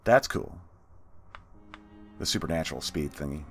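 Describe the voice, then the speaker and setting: A man's voice: rumbling low, expressive, moderate pace, soft background music. A man hosting a let's play, giving casual gameplay commentary with chatty, half-muttered asides.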